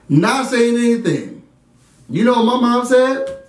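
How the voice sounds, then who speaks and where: A young man, telling an animated storytime with a high, lively voice. He sits back from the mic in an echoey room and keeps slipping into other people's voices. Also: measured pace, distant mic. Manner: animated, acts out friends' voices, laughs often.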